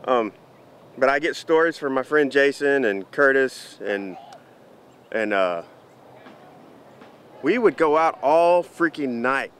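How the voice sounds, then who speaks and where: A man telling a story to the camera in an animated, chatty vlog. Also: medium pitch, slow pace, long pauses, smooth. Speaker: vlogger.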